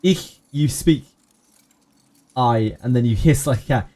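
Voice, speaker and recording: A man's voice: medium pitch, unhurried, mellow. A middle-aged man streaming a video game, joking crudely and repeating phrases as he muses to himself. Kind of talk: casual live-stream commentary.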